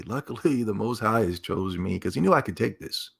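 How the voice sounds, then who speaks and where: A man's voice: lowish voice, animated, brisk, gravelly, hardly any pauses, slightly rough. A man streaming casual commentary, emphatic and sarcastic, rambling as he reacts to a clip.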